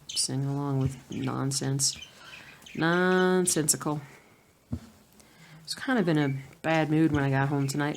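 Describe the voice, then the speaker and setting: A woman chatting casually while cross-stitching at home at night, rambling and humming nonsense sounds to herself. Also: low voice. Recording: noisy home recording with birds.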